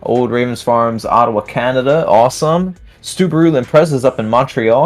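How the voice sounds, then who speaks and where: A man's voice: mid-range voice, moderate pace, few pauses, soft background music. A man hosting a live trading stream, chatting casually while reading viewer comments aloud and laughing often. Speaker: livestream host.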